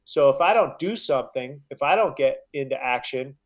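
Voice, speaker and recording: A man's voice: mid-range voice, animated, moderate pace. Earnest preachy man giving an interview. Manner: earnest, preachy, strings thoughts with "you know". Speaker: podcast guest, health coach. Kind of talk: casual interview talk.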